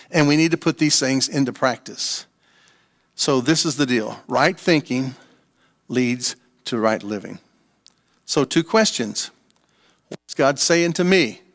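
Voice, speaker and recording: A man's voice: sits high, fairly bright tone, in a large hall. An older man preaching a casual, playful sermon as pastor, leading call-and-response with his congregation. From USA. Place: church sanctuary.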